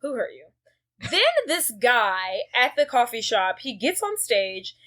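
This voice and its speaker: Woman podcast co-host, slightly high voice, animated retelling, casual swearing. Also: unhurried. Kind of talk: casual movie recap chat.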